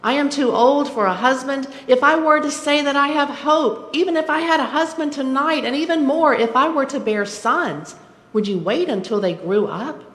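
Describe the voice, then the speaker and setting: A woman's voice: high-pitched, moderate pace, a bit bright, pitched above the performer's own voice. Naomi, a woman reading as a bitter, pleading widow. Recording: echoey church sanctuary.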